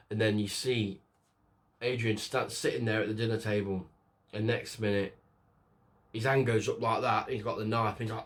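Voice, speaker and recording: A man's voice: on the low side, little pitch movement, normal speed. A man giving a casual spoken film review, rambling with fillers and restarts and acting out characters' lines as he retells the plot. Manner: rambling, lots of fillers and restarts, acts out quotes.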